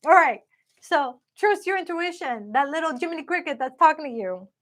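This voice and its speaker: A woman's voice: sits high, animated, fairly quick, a bit bright. A woman giving a live-streamed tarot reading in a chatty, upbeat way, talking straight to her viewers. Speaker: tarot card reader.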